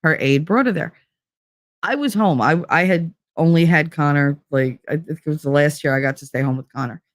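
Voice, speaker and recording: A middle-aged woman, telling stories on a podcast in an animated, blunt way, swearing freely and acting out dialogue. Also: low voice, fairly quick, no echo, clean studio sound. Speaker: podcast co-host, former teacher. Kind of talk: storytelling chat.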